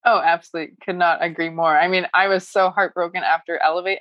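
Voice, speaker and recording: A woman's voice: on the low side, steady tone, fast talker, few pauses, a bit bright, no echo, dull audio. A woman talking about her personal growth as a coaching client, emotional and laughing often as she rambles. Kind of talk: casual heartfelt chat.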